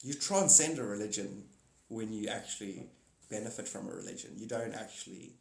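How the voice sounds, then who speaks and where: A man's voice: on the low side, a little fast. A man hosting a livestream, rambling casually about spirituality and laughing often. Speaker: livestream host. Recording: echoey room.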